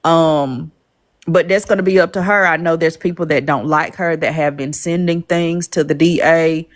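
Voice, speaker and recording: A woman with a low voice hosting a live-stream panel discussion. She speaks in a calm, measured way and often pauses to gather her thoughts.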